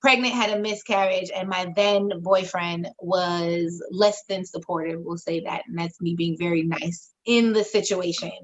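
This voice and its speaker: A woman's voice: on the low side, steady tone, moderate pace, hardly any pauses. Woman in her 30s on a podcast, blunt and emotional, curses a lot, kinda dull lo-fi sound. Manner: frank and emotional, swears freely, acts out quoted dialogue. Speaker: podcast co-host. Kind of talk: candid personal storytelling in a podcast chat.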